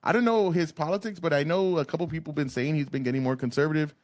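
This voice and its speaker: A man from Texas hosting a casual podcast chat over a video call, laid-back and profane, telling stories with lively put-on voices. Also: on the high side, fast talker, dry recording, studio quality. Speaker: podcast host.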